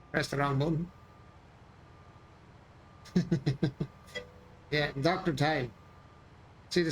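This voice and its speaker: A man's voice: fairly high pitch, fairly bright tone, slight background noise. An Irish man chatting casually while streaming a farming game, joking and repeating his lines with a chuckle. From Ireland. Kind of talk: casual gameplay chat. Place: home gaming room.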